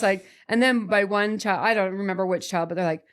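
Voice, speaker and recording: A woman in her forties, a podcast guest, tells a personal story in a chatty, animated way, full of restarts and little "right?" checks. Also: medium pitch, fairly quick, few pauses, clean tone. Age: 40s.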